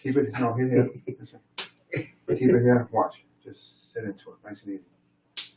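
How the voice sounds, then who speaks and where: A man's voice: medium pitch, fairly even intonation, moderate pace, echoey room, far from the mic, heavy background noise. A man who works as a fitness and boxing trainer, chatting casually and giving short, encouraging coaching commands. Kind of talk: casual chat, coaching moves.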